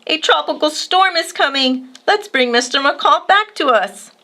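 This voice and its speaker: A woman voicing an excitable young boy, the younger brother in a children's storybook reading. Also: measured pace, heavily acted. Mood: eager. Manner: eager, high childlike voice.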